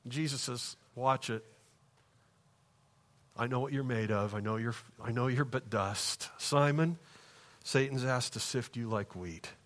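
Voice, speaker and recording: A male pastor delivers a sermon, dropping into quiet, slowed passages and then climbing into raised, emphatic bursts. His voice sits in a middle register for a man. It is a live preaching style from a church. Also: medium pitch. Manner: dynamic preaching, swings from hushed to raised and emphatic.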